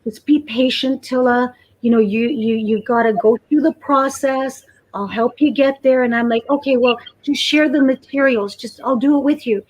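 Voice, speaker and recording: A woman guest telling a personal story in a casual chat, animated and acting out what people said. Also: a little high, normal speed, rough recording. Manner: animated storyteller, acts out quotes.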